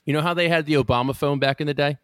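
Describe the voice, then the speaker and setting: A man's voice: on the high side, steady tone, very fast, fairly bright tone, clean tone, dry recording, clean studio sound. A man from the Philadelphia area co-hosting a podcast, riffing and joking in casual chat with restarts. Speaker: podcast co-host.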